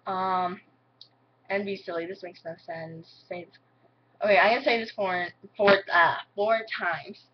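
A young woman talks casually to her camera at home, rambling and giggling, with "like" in almost every phrase. Her voice sits at an ordinary middle pitch. The home video sound is slightly dull and lo-fi, with a faint hiss underneath. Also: steady tone, unhurried. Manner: rambling, giggly, heavy use of "like". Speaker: vlogger.

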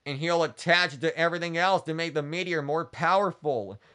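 A man retelling a cartoon story for kids as a channel host, stringing events together with "and then" in a halting way. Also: fairly high pitch, bright, forceful tone.

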